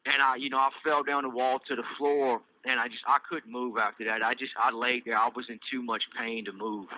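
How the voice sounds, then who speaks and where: A middle-aged man with a Southern US accent, telling his own life story in a loose, halting way with many fillers and restarts. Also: medium pitch, level tone, bright, forceful tone, low-quality recording. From Virginia. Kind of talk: casual personal storytelling.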